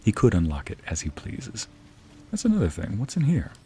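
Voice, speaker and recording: A man's voice: fairly low pitch, wildly swooping pitch, fairly quick, warm tone. A man streaming a video game, chatting casually with viewers and answering their messages, sometimes slipping into Spanish phrases. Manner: chatty, reads and answers chat aloud, drops into Spanish phrases.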